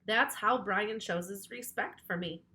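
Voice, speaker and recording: A woman voicing an overconfident, wacky female teacher in a storybook reading, speaking low and hushed. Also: a little slow. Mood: calm.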